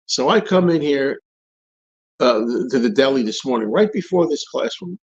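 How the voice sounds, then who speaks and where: A man's voice: medium pitch, expressive, normal speed, slightly rough, muffled recording. A man hosting a live stream, answering viewer questions in casual rambling chat, repeating and restarting his phrases as he rants.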